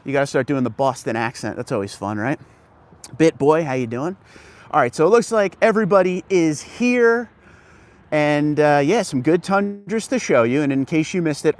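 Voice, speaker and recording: A man hosting a casual live stream from outdoors on a car dealership lot, chatting and greeting viewers by name as he walks. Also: on the high side.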